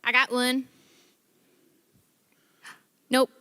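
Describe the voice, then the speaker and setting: A woman co-hosts with a put-on Southern drawl, hammy and self-mocking. Her voice sits high. The sound is close and dry. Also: completely flat delivery, very slow, sharp tone, smooth, no echo. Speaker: co-host of a church volunteer awards stream. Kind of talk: playful scripted banter.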